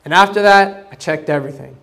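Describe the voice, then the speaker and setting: A man preaching a sermon in a high voice. He is animated and casual, acts out the voices he quotes, and swings between loud bursts and quiet, low asides. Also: quick pace. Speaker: pastor.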